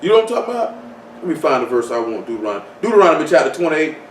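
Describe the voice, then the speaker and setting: A man's voice: a little high, very animated, very fast, slight background noise. A man preaching an informal sermon, talking conversationally with many rhetorical questions and repeated phrases. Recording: echoey room, mic far off.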